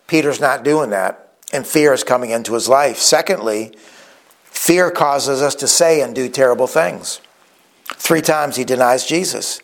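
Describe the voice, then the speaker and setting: A man preaching a sermon in an earnest tone, acting out the quoted speakers as he retells scripture stories. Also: fairly high pitch. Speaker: pastor.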